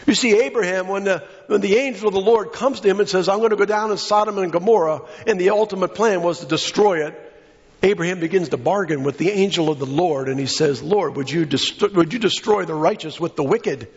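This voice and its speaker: Male preacher, passionate sermon delivery, slightly high pitch, dull lo-fi recording. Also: brisk. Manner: impassioned, acts out quoted voices.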